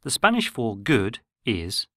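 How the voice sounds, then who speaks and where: A man giving scripted, measured narration for a pronunciation lesson. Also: fairly low pitch, huge pitch swings, fairly bright tone, dry recording, studio quality. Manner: measured, explanatory. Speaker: language course narrator.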